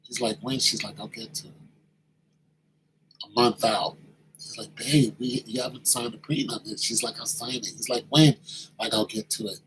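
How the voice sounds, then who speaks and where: Animated man telling a story. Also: medium pitch, moderate pace, a little hiss or hum, rough recording. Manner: animated, acts out quoted voices, slangy. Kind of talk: casual storytelling monologue.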